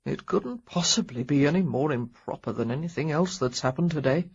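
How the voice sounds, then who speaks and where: A woman voicing a weak, bedridden young gentleman. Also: sits low, husky, muffled recording. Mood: tender. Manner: quiet, halting, subdued.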